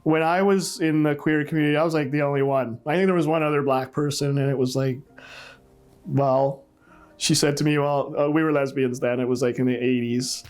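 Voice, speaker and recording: A man's voice: a little high, fairly even intonation, brisk, darkish tone, clear, resonant tone, soft background music. A middle-aged man from Trinidad telling his story in an oral history interview, reflective and laughing wryly at painful memories. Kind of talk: personal storytelling.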